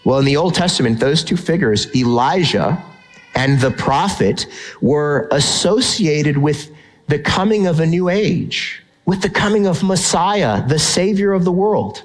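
A middle-aged man delivers a sermon from the pulpit. His voice sits a little high for a man. He preaches with animated emphasis and leans on rhetorical questions to draw listeners in. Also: measured pace, poor audio. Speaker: pastor.

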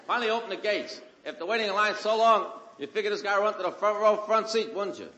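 A man's voice: high-pitched, fast talker, few pauses, roomy sound, crowd noise, noisy background. A man from Brooklyn with a Brooklyn accent, telling a wisecracking stand-up monologue on stage. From Brooklyn, New York. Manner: wisecracking storyteller who shouts fans' lines. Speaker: stand-up comedian. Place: stage before a live audience.

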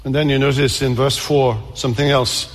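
A man's voice: medium pitch, level tone, normal speed. A man preaching a sermon to a congregation, earnest and repetitive, often restarting his words. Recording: long reverb of a large hall.

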